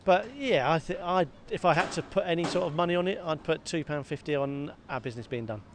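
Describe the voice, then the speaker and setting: A man co-hosting a football podcast, talking in a lively, self-mocking way and often repeating words. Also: on the high side, fast talker. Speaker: podcast co-host. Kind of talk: casual football chat. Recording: faint background noise.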